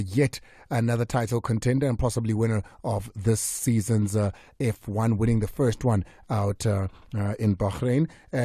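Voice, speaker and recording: A man with a mellow, medium-pitched voice hosts a radio sports show, reading results and chatting in a chatty way full of fillers and restarts. He uses a studio microphone, with clean studio sound and no room sound.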